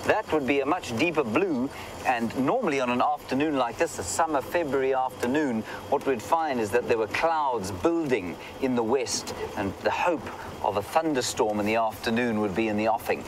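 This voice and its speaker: A man's voice: medium pitch, normal speed. Male safari guide hosting a live drive, chatty and playful with viewers, outdoor vehicle noise behind him. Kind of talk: live commentary to online viewers. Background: vehicle and outdoor ambience.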